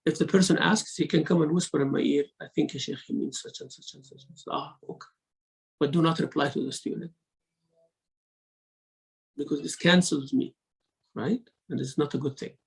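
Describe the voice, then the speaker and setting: A man giving a religious lesson, mixing quick recitation into his English explanations and acting out examples of speech. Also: a little high, fairly even intonation, creaky, poor audio. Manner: mixes Arabic recitation into English teaching, acts out rude and polite speech. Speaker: sheikh teaching Quran commentary.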